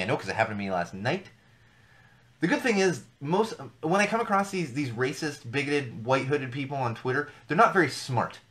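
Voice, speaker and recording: A man's voice: mid-range voice, a bit bright. A man in his thirties hosting a casual live-streamed show, rambling through news with jokey asides and repeating himself for emphasis. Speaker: podcast host. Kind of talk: casual solo commentary on news.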